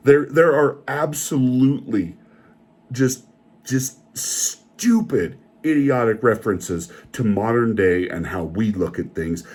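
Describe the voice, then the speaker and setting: A man's voice: fairly low pitch, darkish tone, slightly rough. A man delivering an opinionated, indignant rant as a film reviewer, often repeating himself.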